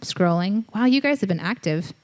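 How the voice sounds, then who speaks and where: A woman's voice: medium pitch, expressive, moderate pace, a little mellow. A woman co-hosting a live podcast show at a venue, chatty and playful, thanking fans. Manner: chatty, playful, laughs easily. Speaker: podcast co-host.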